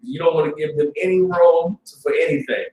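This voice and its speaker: A man teaching a religious class in an informal, streetwise preaching style, often asking "you understand?" and swinging between low, muttered asides and loud bursts. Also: steady tone, fairly quick, distant mic, a little hiss or hum. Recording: roomy sound, speaker away from the mic.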